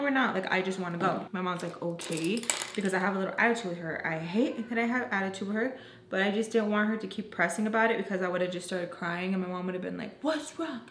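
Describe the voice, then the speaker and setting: A young woman chatting casually as she tells a personal story, emphatic and acting out quoted lines. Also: mid-range voice. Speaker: storytelling vlogger. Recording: roomy with faint ambient noise.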